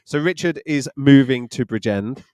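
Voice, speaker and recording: A man's voice: medium pitch, moderate pace, darkish tone, dry recording, studio quality. A man, co-hosting a live online church Q&A in a chatty, joking way. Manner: jokey, chatty, laughs often. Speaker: church leader and co-host.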